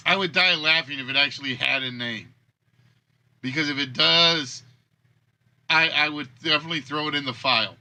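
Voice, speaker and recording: Bright-voiced man musing aloud. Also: a little high, moderate pace, long pauses. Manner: rambling, thinking aloud with restarts. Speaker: game show host and creator. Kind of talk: casual livestream chat.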